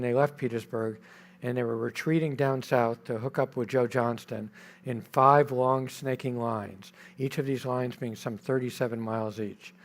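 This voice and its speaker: Man telling history with drama. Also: mid-range voice. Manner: dramatic storytelling with repeated phrases, fillers and restarts. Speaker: author giving a book talk. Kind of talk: lecture-style history talk. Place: festival stage.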